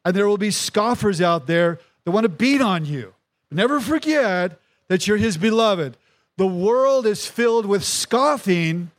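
A male pastor preaching a sermon to his congregation, emphatic and repetitive, calling out to the crowd for responses. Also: high voice. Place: church service in a tent.

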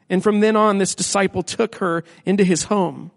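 High-voiced man reading scripture. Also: fairly even intonation, moderate pace, creaky, long reverb tail. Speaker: church staff reader.

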